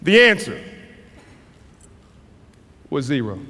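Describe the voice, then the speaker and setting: An American man telling a story as a motivational speaker, earnest, with frequent restarts and dramatic pauses. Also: mid-range voice, wildly swooping pitch, sharp tone. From United States. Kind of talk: storytelling speech. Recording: long hall reverb.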